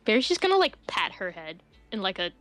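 A woman's voice: medium pitch, big pitch swings, a little fast, fairly bright tone, faint music behind. A woman playing a tabletop game, chatting in a casual, offhand way. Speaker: player.

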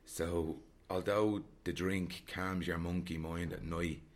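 A man's voice: deep voice, steady tone, slow pace. A man from Dublin with a Dublin Irish accent, chatting candidly and reflectively about travelling alone, rambling and repeating himself. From Ireland, Dublin. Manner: rambling, frank, repeats phrases. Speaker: solo traveller vlogger.

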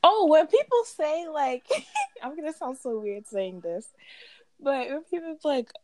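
A woman's voice: high-pitched, big pitch swings, a little slow, a little mellow, dry recording. A young woman co-hosting a casual chat, hesitant and searching for words. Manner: hesitant, full of fillers and restarts. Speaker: podcast co-host.

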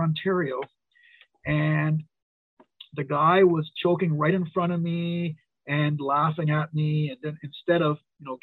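Give me a middle-aged man, a referee, storytelling over a phone-like line, husky and dry. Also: fairly high pitch, no echo. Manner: storytelling, animated quoting. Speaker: wrestling referee, guest. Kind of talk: casual interview chat.

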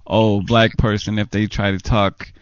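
A man's voice: on the low side, flat delivery, a little slow, smooth. A man in casual podcast chat, speaking bluntly and asking questions. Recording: dull lo-fi.

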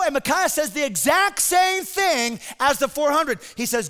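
A male pastor preaches with lively drama and a conversational touch. His voice sits very high for a man and rings bright and forceful. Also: normal speed, hardly any pauses, smooth. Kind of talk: sermon.

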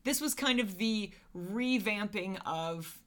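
A woman co-hosting a casual movie podcast, chatty and animated, who laughs often. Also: mid-range voice, slow pace. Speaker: podcast co-host.

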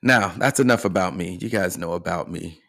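A life and fitness coach hosts a motivational podcast, speaking earnestly and encouragingly and often checking in with the listener. His low voice moves a little fast, with a sharp tone.

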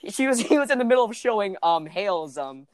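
Animated, swearing young woman storyteller. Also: mid-range voice, quick pace, no room sound. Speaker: podcast host. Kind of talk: casual chat.

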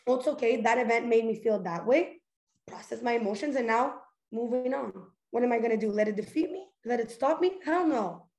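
A woman's voice: fairly high pitch, fairly quick, darkish tone. A young woman hosting a casual motivational talk, goofy and earnest, talking in a loose stream full of "like" and restarts. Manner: goofy, chatty, earnest, fillers like "like". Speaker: host. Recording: echoey room.

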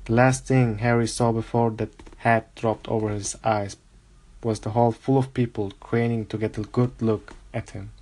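Man reading a storybook aloud, mellow voice. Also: lowish voice, moderate pace. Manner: calm, even reading with small slips. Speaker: audiobook reader. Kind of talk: storybook narration.

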